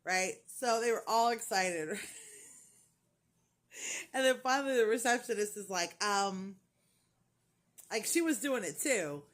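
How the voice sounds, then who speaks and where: A woman's voice: medium pitch, animated, unhurried, pauses often, a bit bright. A woman in casual chat, telling a story with lots of laughter and playing the other people's voices in quotes. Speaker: crochet vlogger.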